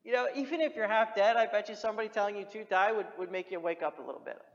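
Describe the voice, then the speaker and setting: A preacher delivers a sermon in a direct, exhorting way and hammers home points by repeating them. The voice sits at an ordinary middle pitch. The sound is dull and muffled, with a long echo from a large hall. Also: rapid-fire.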